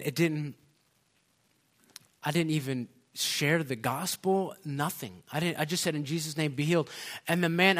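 A middle-aged man preaching a sermon, telling a story in a loose, conversational way full of fillers before rising into loud, fervent exclamations. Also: on the high side.

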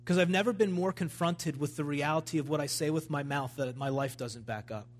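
Man, preacher, fervent sermon, emphatic delivery, slightly high voice. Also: a little fast. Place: church service.

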